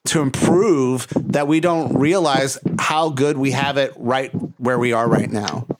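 A man's voice: medium pitch, a little slow. A man hosting a podcast, chatty and reflective, laughing easily in casual conversation. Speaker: podcast host. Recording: loud background noise.

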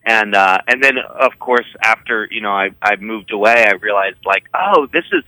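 A man's voice: fairly low pitch, normal speed, dry recording, poor audio. A man from Maryland, a podcast guest, chatting casually and telling stories with lots of fillers. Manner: animated storytelling with many fillers. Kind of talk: casual chat.

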